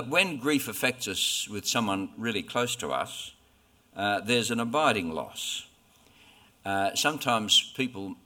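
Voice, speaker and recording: A man preaching a sermon in a slow, deliberate, earnest way, pausing often between phrases. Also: fairly low pitch, bright, forceful tone. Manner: slow, deliberate, earnest delivery with frequent pauses.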